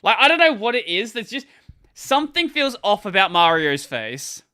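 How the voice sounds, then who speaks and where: A man's voice: high-pitched, big pitch swings, moderate pace, pushed and bright. A man streaming games who rambles casually, laughs often and keeps restarting his sentences as he reacts. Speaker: gaming streamer. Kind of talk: casual live-stream commentary.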